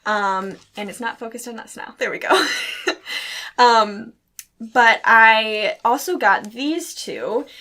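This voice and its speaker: A bubbly young woman chatting casually as a crafting co-host, her voice sitting a little high. She laughs easily and talks at home on camera. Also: bright, forceful tone. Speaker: podcast co-host. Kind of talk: casual chat.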